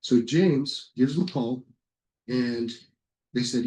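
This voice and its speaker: A middle-aged man talks slowly with long pauses in a mid-range voice while presenting a software webinar. He's casual and rambling, telling anecdotes with frequent fillers and self-corrections; the recording quality is low.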